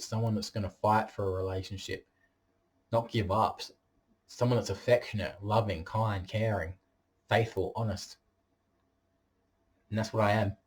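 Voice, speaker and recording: A man's voice: on the low side, darkish tone, husky. A man talking straight to camera in a vlog monologue, blunt and boastful and swearing freely. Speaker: vlogger.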